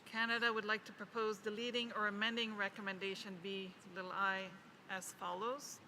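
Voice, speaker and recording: A woman delivering a formal, measured statement as a national delegate at a committee meeting, reading proposed text slowly. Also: mid-range voice, little pitch movement, bright, forceful tone, a little hiss or hum, rough recording. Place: large conference hall.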